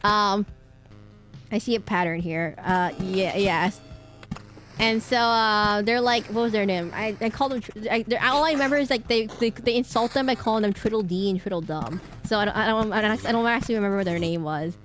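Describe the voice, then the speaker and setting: A woman streamer chatting casually while playing a game, rambling through an animated retelling with frequent restarts and self-corrections. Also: medium pitch, fairly quick, faint music behind.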